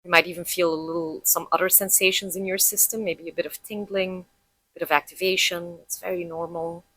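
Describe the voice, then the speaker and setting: A woman teaching about heart rate and breath, calmly explaining and guiding listeners through a breathing practice step by step. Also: fairly low pitch, a little fast, dry recording, rough recording. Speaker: breathwork instructor.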